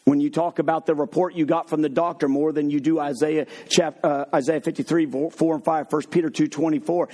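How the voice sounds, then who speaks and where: A man preaching a sermon, mixing funny stories with slow, emphatic points. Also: on the high side. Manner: lively, humorous storytelling with sudden drops to slow emphatic points.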